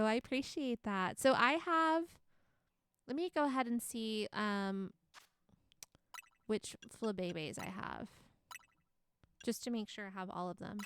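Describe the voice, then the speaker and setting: A woman's voice: fairly high pitch, clean tone, no room sound, studio quality. A young woman streaming a game live, chatting casually, reading chat aloud and laughing often.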